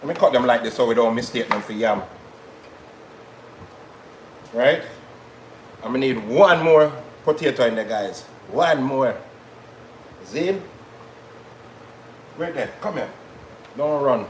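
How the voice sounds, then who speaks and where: A man's voice: mid-range voice, expressive, measured pace, pauses often, reverberant, a little hiss or hum, rough recording. A man hosting a live cooking stream from a kitchen, chatting casually with viewers as he cooks. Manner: chatty, patois-tinged asides to viewers. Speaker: cooking show host.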